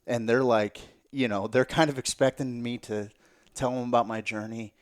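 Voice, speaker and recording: A man telling a story as a podcast guest in casual, animated talk, swearing freely and sometimes dropping to a near-whisper. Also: mid-range voice, normal speed, clear, resonant tone.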